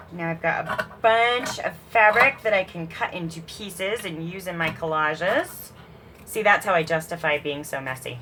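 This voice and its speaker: A woman's voice: on the low side, noisy background. A woman hosting a crafting video, chatting casually and laughing at herself as she works, with a put-on British accent. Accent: mock British put-on. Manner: chatty, self-deprecating, laughs often, talks to viewers as she works. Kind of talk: casual crafting chat while working.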